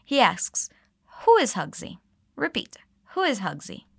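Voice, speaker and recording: A woman teaching English, explaining dialogue lines and modeling them slowly for learners to repeat. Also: on the high side, huge pitch swings, no echo, studio quality. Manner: clear, slow modeling of phrases with exaggerated intonation. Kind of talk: English lesson with repeat-after-me drills.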